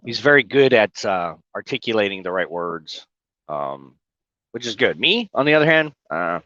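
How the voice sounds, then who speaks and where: Rambling, cussing trucker on a livestream. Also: male voice, lowish voice, big pitch swings, normal speed, pushed and bright, no echo, dull audio. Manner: rambling, profane, talks to viewers by name. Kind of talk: casual livestream chat. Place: inside his truck cab. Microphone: phone.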